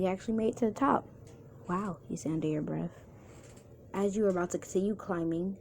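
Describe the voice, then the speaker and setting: A woman's voice: on the low side, dark tone, slight background noise. A woman narrating a second-person fan story casually, with restarts and chatty asides.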